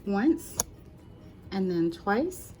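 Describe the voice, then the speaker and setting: A woman's voice: medium pitch, big pitch swings, drawn-out words, mellow, faint music behind. A woman hosting a casual crochet tutorial, walking through each step in a chatty, reassuring way and correcting herself as she goes.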